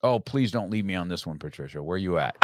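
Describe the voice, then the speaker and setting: A middle-aged man hosting an interview in a brash, animated, direct way. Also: low voice, fast, heavy background noise. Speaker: podcast host. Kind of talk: conversational interview.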